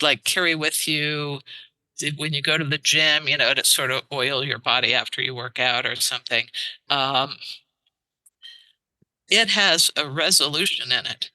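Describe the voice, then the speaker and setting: A woman translator, a guest on a podcast, explaining in an animated way and tapping out verse rhythms aloud. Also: low-pitched, dry recording, low-quality recording. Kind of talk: casual podcast interview. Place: studio.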